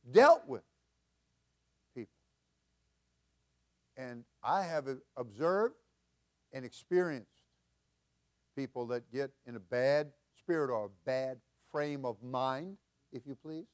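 An older man preaching as senior pastor, folksy and chuckling, building to loud emphatic peaks. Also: mid-range voice. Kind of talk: sermon.

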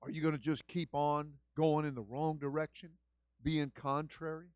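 Male senior pastor, sermon delivery, repeats lines for emphasis, swings from hushed to loud. Dry, muffled recording. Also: on the high side, fairly even intonation, moderate pace, clear, resonant tone, no echo. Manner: swings from quiet storytelling to shouted exhortation.

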